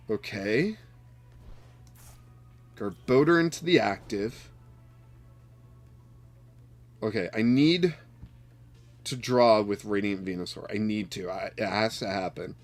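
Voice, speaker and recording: Exasperated man muttering through a card game. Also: on the low side. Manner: exasperated, talks to his opponent, swings from loud outbursts to muttered counting. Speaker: card game player and streamer. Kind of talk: live gameplay commentary.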